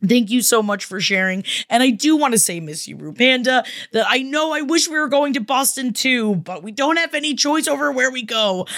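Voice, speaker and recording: A woman's voice: fairly high pitch, lively intonation, a little fast, hardly any pauses, fairly bright tone, no echo, clean studio sound. A woman podcast host reading listener messages aloud, emotional and affectionate, swearing freely. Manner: effusive and affectionate.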